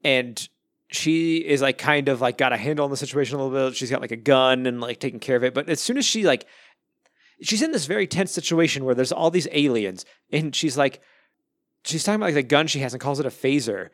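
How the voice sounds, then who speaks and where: A man's voice: mid-range voice, lively intonation, fairly quick, fairly bright tone, dry recording. A man co-hosting a casual book podcast, rambling and full of fillers. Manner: rambling, lots of "like" and restarts, laughs now and then. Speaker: podcast co-host discussing a book. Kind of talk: casual chat.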